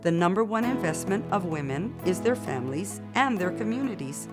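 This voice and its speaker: A woman giving measured, persuasive scripted documentary narration. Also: on the low side, animated. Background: guitar music.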